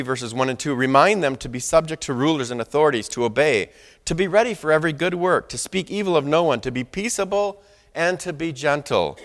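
A middle-aged male pastor preaches in an easy, conversational way, trading personal stories and checking in with his listeners. His voice sits at an ordinary pitch for a man. A long reverb trails behind him, as in a large sanctuary. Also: a bit bright. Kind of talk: sermon.

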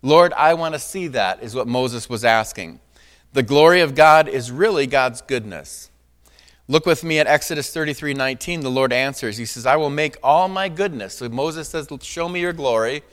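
A pastor with a mid-range, fairly bright voice delivers a sermon at a moderate pace. He reads scripture with dramatic emphasis in a conversational style, frequently tossing in "right?" and "amen?"

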